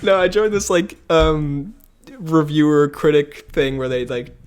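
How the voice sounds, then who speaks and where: A man co-hosting a casual podcast in a voice a little high for a man. He rambles, trails off and leans on fillers as he talks. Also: fairly even intonation, measured pace, clear, resonant tone. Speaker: podcast co-host. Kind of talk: casual chat.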